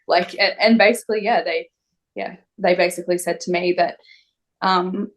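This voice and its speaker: A young woman telling a personal story in an interview, halting and emotional with many fillers. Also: lowish voice, fairly even intonation. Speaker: interview guest.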